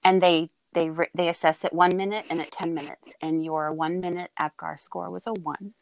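A middle-aged woman telling her daughter the story of her birth in a casual, heartfelt talk, halting and full of fillers. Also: on the low side, fairly even intonation, creaky, low-quality recording. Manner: tender, halting, with many fillers and laughs.

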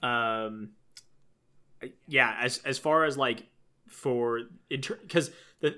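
A man's voice: mid-range voice, bright, forceful tone. A man co-hosting a casual sports podcast, rambling with many restarts. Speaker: podcast co-host.

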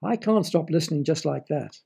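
A man reading the lines of a weary, exasperated young woman in a storybook, with a gravelly voice. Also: on the high side, expressive, normal speed, warm tone, exaggerated voice. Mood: pleading. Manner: weary, pleading.

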